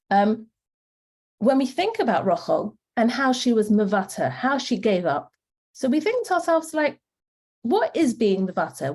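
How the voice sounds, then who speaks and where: A woman's voice: on the high side, darkish tone. A woman with a British accent giving a Torah class to women, explaining earnestly and asking rhetorical questions. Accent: British English. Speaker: Torah teacher.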